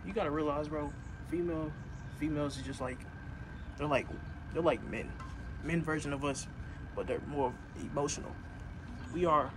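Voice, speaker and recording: A young man giving an earnest, casual motivational pep talk, repeating himself and pushing his voice louder as he urges the listener on. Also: a little high, steady tone, moderate pace, pauses often, background noise. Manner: earnest, repetitive, rising to loud urging. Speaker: vlogger.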